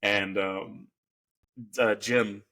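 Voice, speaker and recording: A man's voice: lowish voice, steady tone, extremely slow, pushed and bright. A man co-hosting a podcast, recapping a film in a rambling, casual way with lots of fillers. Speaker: podcast co-host. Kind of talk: casual film review chat.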